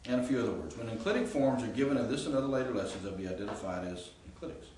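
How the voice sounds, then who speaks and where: In an echoey classroom picked up by a distant mic, a male Greek instructor explains grammar rules and quizzes his students, using lots of fillers. His mid-range voice is lively, rapid-fire and a little mellow, over slight background noise.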